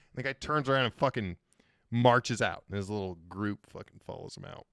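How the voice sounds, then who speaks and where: A man's voice: mid-range voice, a little fast, no echo, clean studio sound. A man telling a funny story as a podcast guest, swearing and joking casually. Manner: animated, profane, joking.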